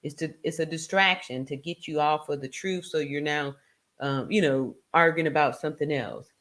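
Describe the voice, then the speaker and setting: Middle-aged woman, lower voice, casual talk-show commentator, chatty with frequent laughs. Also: normal speed, a bit bright. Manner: chatty, laughs often, lots of rhetorical "right?". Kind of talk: casual monologue.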